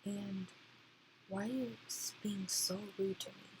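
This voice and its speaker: A woman's voice: mid-range voice, fairly even intonation, unhurried, noisy background, lightly acted. A woman mimicking a hurt, pleading young woman in a whiny, exasperated tone.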